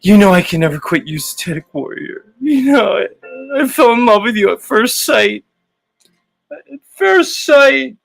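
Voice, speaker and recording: A man's voice: high voice, lively intonation, unhurried, vocal fry, fairly bright tone, faint music behind, heavily acted. A man putting on the voice of a clingy, lovesick male superfan who pleads and giggles with dramatic devotion. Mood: lovesick pleading.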